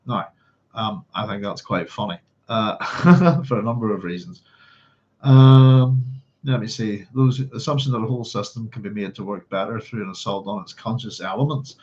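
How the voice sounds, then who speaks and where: On a book club livestream, a man with a somewhat low, slightly mellow voice talks at a normal pace, casually chatting, reading, and humming to himself as he rambles. The recording is slightly dull, lo-fi stream sound.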